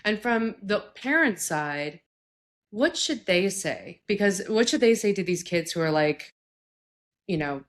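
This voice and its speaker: A woman's voice: mid-range voice, lively intonation, unhurried. A woman hosting an interview podcast, conversational and asking her guest questions. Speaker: podcast host.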